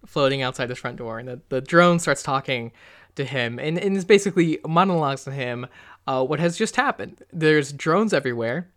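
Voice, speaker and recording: A man's voice: medium pitch, animated, normal speed, a bit bright. A young man co-hosting a podcast, talking casually with many fillers and restarts. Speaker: podcast co-host.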